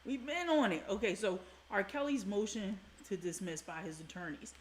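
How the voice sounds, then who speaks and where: A woman's voice: medium pitch, normal speed, echoey room, a little hiss or hum. Profane, blunt woman hosting a livestream. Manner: blunt, profane, chatty, greets viewers by name. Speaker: livestream host. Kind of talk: casual live-stream commentary.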